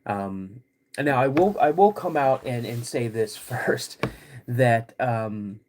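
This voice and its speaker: A man in his fifties hosting a live podcast stream, greeting chat viewers by name in a halting way while getting over a cold. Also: medium pitch, noisy background. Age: 50s. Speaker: podcast host.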